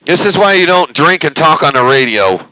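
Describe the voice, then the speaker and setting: A man's voice: on the high side, very animated, fairly quick, pushed and bright, a little hiss or hum, rough recording. A man chatting casually on a CB radio from his bedroom, rambling with lots of fillers. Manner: rambling, folksy, hesitant fillers. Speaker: CB radio operator, channel host. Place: bedroom at home. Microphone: CB radio mic.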